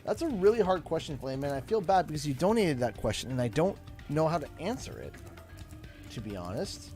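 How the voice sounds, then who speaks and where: A man's voice: on the high side, a little fast, music in the background. A young man casually chatting on a gaming livestream, reading out donations and laughing often. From Canada. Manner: animated, laughs a lot, reads donations aloud. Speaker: livestream host.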